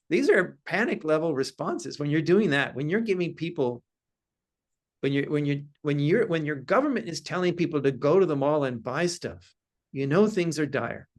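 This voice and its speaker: A man's voice: on the high side, lively intonation, moderate pace. A man speaking as a guest in an interview about markets, analytical and cautious in how he talks. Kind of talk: interview conversation.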